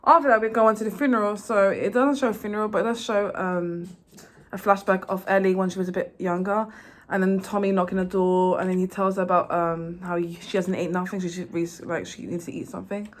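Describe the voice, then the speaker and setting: A young woman retells a game's story in a loose, rambling way, tripping over her words and piling on fillers. Her voice sits at an ordinary middle pitch and keeps an excitable edge as she talks. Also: brisk. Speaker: vlogger. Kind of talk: casual game recap.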